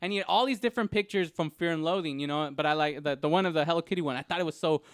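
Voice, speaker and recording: A man co-hosting a podcast in casual chat, telling stories in an excitable, rambling way. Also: a little high, rapid-fire, smooth, no room sound, studio quality. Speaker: podcast co-host.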